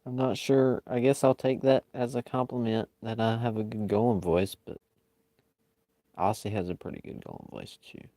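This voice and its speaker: A man with a fairly low voice chats with viewers as he draws. He talks in an unhurried, easygoing way that often rambles. The sound is dry, with almost no room echo. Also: fairly even intonation, dark tone. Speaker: live-stream artist. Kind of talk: casual chat while drawing.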